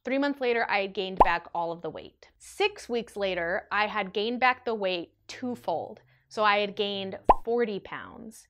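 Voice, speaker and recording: A woman in her twenties telling an animated, chatty storytime vlog to her viewers. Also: medium pitch, a little slow, few pauses. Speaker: vlogger.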